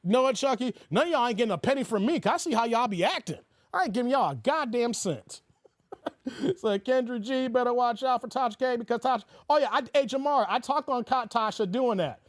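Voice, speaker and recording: A man hosting a casual live stream, talking in an animated, joking way and mimicking other voices. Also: very high-pitched, brisk, no echo, studio quality. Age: 40s. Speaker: YouTube commentary host.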